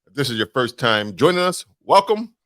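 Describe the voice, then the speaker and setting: A man's voice: medium pitch, sing-song, moderate pace, fairly bright tone, no echo, studio quality. A man hosting a podcast in casual chat, laughing often and rambling through his intro. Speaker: podcast host.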